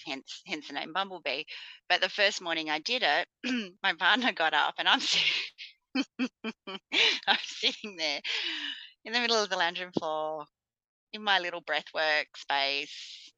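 A woman, co-hosting a casual chat and telling lively stories with acted-out voices and laughter. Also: fairly low pitch, normal speed, no room sound, dull audio. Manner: animated storyteller, acts out voices with laughs. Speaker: podcast co-host.

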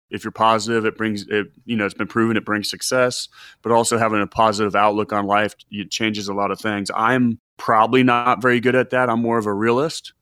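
Earnest low-voiced man in his forties. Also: a bit bright, clear, resonant tone, dry recording, studio quality. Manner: earnest, reflective, halting restarts. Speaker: financial advisor, podcast host. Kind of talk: casual podcast chat.

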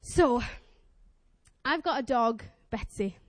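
A young woman preaching a sermon, telling a story in a chatty, earnest, animated way and acting out voices. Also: fairly high pitch, slow, no echo. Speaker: lay preacher.

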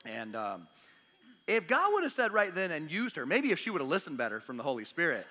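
Bright-voiced man preaching in reverberant hall. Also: high voice, sing-song, a little fast. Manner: chatty, self-deprecating, humorous, acts out dialogue. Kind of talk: storytelling sermon. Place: church meeting hall.

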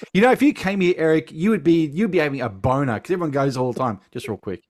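A man with an Australian accent, a guest on a casual podcast, animated and laughing through his stories while swearing freely. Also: a little high, fast, no echo, studio quality.

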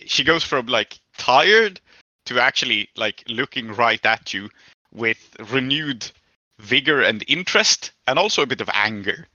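A man narrating as game master in a relaxed, chatty way. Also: mid-range voice, unhurried, no room sound. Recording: dull dry lo-fi recording.

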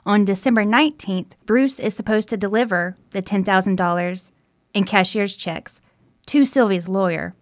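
A woman fills in the details of a true-crime case and affirms her co-host often, in an easygoing conversational tone. Her voice sits at a middle pitch and is recorded close and dry. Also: moderate pace, dry recording. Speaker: podcast co-host. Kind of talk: casual true-crime chat.

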